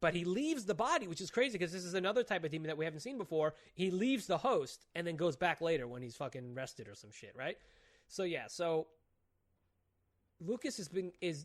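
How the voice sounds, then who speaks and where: A fairly high-voiced man co-hosting a casual podcast, talking fast and loose. He piles up curse words while he excitedly retells plots, stumbling and restarting as he goes. His voice has a lightly raised register. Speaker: podcast co-host. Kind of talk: casual chat.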